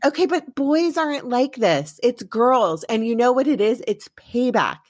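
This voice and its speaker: A woman's voice: fairly high pitch, animated, unhurried, darkish tone, no room sound, clean studio sound. A woman hosting a podcast, chatting casually and rambling with restarts. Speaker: podcast host. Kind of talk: casual chat.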